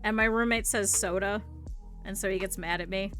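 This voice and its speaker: A young woman with a Midwestern accent talks casually and rambles as she crafts on a live stream. Her voice is bright and clear, with a middling pitch. Soft music plays faintly underneath. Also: fairly even intonation, moderate pace. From northern Ohio, US. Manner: rambling, chatty, thinks aloud. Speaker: VTuber streamer. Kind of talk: casual chat while crafting.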